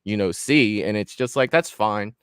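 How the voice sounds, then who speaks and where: Excited, swearing horror-channel host man. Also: lowish voice, normal speed, clean tone, no echo, clean studio sound. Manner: excited, rambling, swears freely. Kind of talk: casual live-stream chat.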